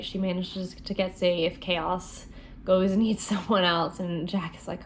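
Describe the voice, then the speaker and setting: A woman's voice: lowish voice, slow pace, a little hiss or hum. Chatty young woman recapping a book. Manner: chatty, expressive, frequent fillers and laughs. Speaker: book vlogger.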